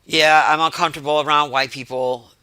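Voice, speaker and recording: A man with a high, bright, forceful voice tells stories to his chat in a loose, profane rant. He sounds exasperated and animated, full of fillers and asides. The sound is close and dry, with no room around it. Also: fairly quick, smooth, no echo. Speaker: streamer telling stories to chat. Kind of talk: casual storytelling rant.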